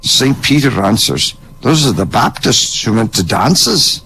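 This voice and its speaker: A gravelly older man tells stand-up jokes in a wry, dry manner, his pitch rising and falling with each punchline. There is a faint noise under his voice. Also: very animated, a little slow, bright, forceful tone, poor audio. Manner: wry, dry joke delivery. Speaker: comedian. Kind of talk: stand-up joke telling. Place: online voice chat room.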